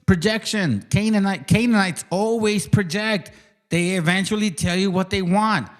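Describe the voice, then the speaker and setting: A man's voice: high voice, moderate pace. A man hosting his channel, delivering a combative, profane and mocking livestream rant. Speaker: channel host.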